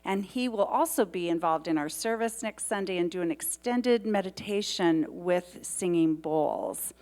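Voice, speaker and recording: A woman's voice: lowish voice, expressive, a little slow, darkish tone. A woman giving the announcements in a church service, talking in a chatty, rambling way. She is openly grateful and gets emotional as she speaks to the congregation. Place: church sanctuary.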